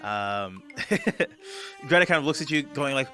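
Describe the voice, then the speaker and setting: A man narrating a tabletop game as game master, halting with many restarts. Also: mid-range voice, expressive, pushed and bright, faint music behind. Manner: halting, full of fillers and restarts.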